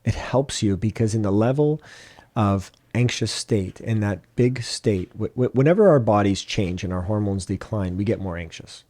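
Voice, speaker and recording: A man co-hosting a casual podcast chat, giving calm advice and repeating his points for emphasis. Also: fairly low pitch, moderate pace, no room sound. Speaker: podcast co-host, doctor.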